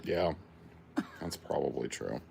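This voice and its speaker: Deep, gravelly man joking around. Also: lively intonation, slow pace, darkish tone, a little hiss or hum. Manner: crude, joking, rambling. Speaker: podcast co-host. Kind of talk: casual stoned banter.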